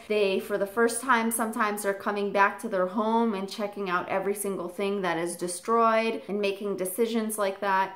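Bright-voiced woman telling a story. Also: medium pitch. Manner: animated, speaks straight to the viewer. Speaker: parrot channel vlogger. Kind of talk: storytelling to camera. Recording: echoey room.

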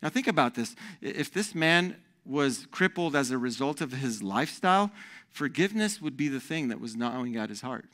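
A man preaching a sermon as pastor, animated and conversational, often repeating words as he goes. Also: medium pitch, moderate pace.

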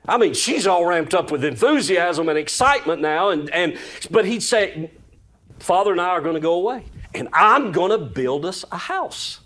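Preaching in a high-pitched voice, this pastor keeps things folksy and lively, exclaiming often. When a story comes, he lowers his voice to a hush.

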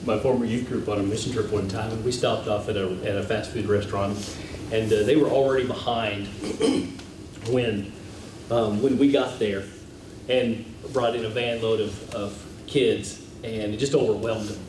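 A man telling stories to a church class in a casual, halting way, often repeating words and chuckling. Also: lowish voice, fairly even intonation. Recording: echoey room, distant mic, audible background hiss.

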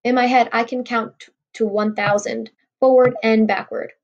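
A woman's voice: on the high side, flat delivery, moderate pace, highs cut off. A woman reading a novel aloud in a wry first-person storytelling voice. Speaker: audiobook reader.

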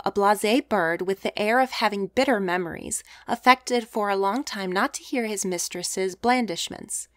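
A woman's voice: medium pitch, no echo, clean studio sound. Woman narrating a classic short story. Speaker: audiobook narrator. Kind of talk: scripted narration.

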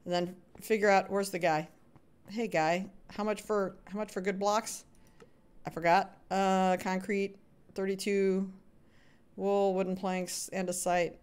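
A woman with a medium-pitched, slightly mellow voice livestreams a video game, giving live commentary and chatting with viewers. She laughs often and calls them sweetheart and buddy.

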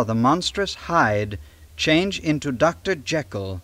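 A man narrating a storybook read-along in a dramatic, measured way. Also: medium pitch, big pitch swings, fairly bright tone. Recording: long reverb on late-1970s cassette.

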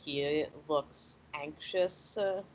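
A man narrating a tabletop role-playing game as game master over a voice call, slow and halting with many fillers. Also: fairly high pitch. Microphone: computer mic on a voice call. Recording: slightly dull voice call audio with faint background noise.

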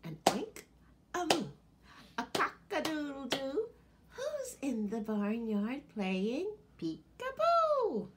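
A woman librarian leading a children's storytime and sing-along, animated and talking to her listeners as friends. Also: high voice, slow pace, slight background noise.

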